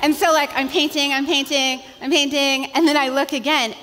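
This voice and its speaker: A woman, a pastor's wife, telling a funny story to a church audience in an animated, chatty way, full of "like" and "you guys.". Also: high voice, normal speed, slight background noise. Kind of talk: humorous storytelling talk to an audience. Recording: long hall reverb.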